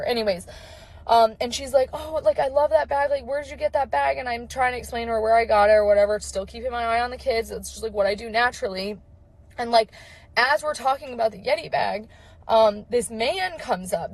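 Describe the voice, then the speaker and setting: A woman's voice: fairly high pitch, no echo, rough recording. A young woman, a mother of four, telling a story in a chatty, filler-heavy way and acting out the people in it. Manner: chatty, lots of fillers, quotes people in voices. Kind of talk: casual storytelling video.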